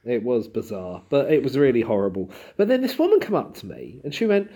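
A man from Southend, a comedian, chatting casually and acting out exchanges in animated anecdotes. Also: medium pitch, fairly quick, hardly any pauses. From Southend, England. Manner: animated storytelling, acts out dialogue. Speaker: comedian and podcast host. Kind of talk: casual chat.

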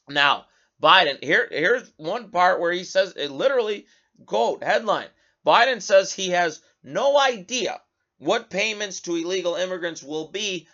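A man's voice: high-pitched, lo-fi sound. A man hosting a political talk show, giving heated commentary and reading news headlines aloud. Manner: animated, indignant, reads headlines aloud.

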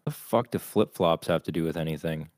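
Blunt deep-voiced man, dry sound. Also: fairly quick, a little mellow, no room sound. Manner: blunt, swears a lot, argumentative. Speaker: podcast co-host. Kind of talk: casual crude podcast banter.

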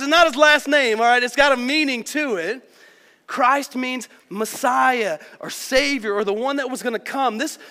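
A man's voice: very high-pitched, pushed and bright. A man preaching a sermon to his church in a conversational, earnest way, often dropping in "like" and "man". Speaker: pastor. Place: church sanctuary. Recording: long hall reverb.

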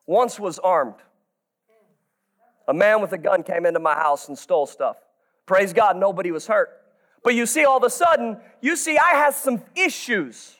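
A man in his thirties preaching a sermon with energy, breaking into shouts and joking asides to the congregation. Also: high voice, expressive, moderate pace.

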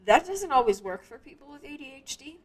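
A woman's voice: sits high, sing-song, a little fast. A woman hosting her own show, talking casually in a rambling way with many restarts and fillers. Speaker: podcast host. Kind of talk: casual monologue.

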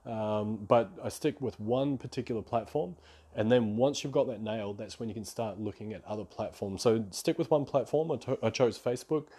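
A man's voice: lowish voice, a little fast, mellow, breathy edge. A man hosting a podcast, telling a rambling, self-reflective story in a casual solo monologue. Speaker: podcast host.

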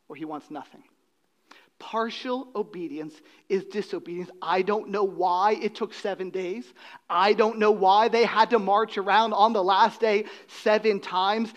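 Pastor guy preaching, high voice, gets loud then drops to almost a whisper. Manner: dynamic preaching, swings between loud emphasis and hushed drops. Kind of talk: sermon.

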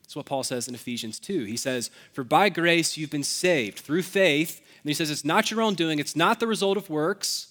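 Conversational male pastor, slightly high voice. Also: a bit bright. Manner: conversational, self-deprecating with asides and quick laughs. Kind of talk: sermon.

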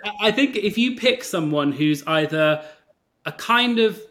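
Bright-voiced male interviewer. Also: high voice, expressive, unhurried. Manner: easygoing, laughs along, steers with questions. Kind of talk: casual interview chat.

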